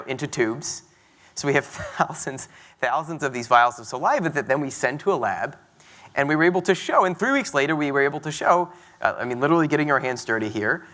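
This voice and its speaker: A man giving a conference talk, explaining his research in a quick, animated way with fillers and restarts. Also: mid-range voice. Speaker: conference speaker. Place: conference stage.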